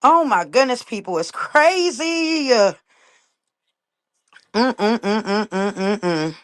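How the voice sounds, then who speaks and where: A woman's voice: on the high side, expressive, drawn-out words. A woman talking on a casual livestream. She is emphatic and indignant, repeats her points and keeps calling out to "y'all".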